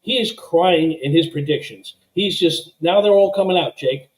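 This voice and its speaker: A man's voice: normal speed, poor audio. A man calling into a sports show by video call, ranting in a heated, emotional way. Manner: emotional, heated, swinging pitch. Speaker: caller. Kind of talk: excited call-in rant.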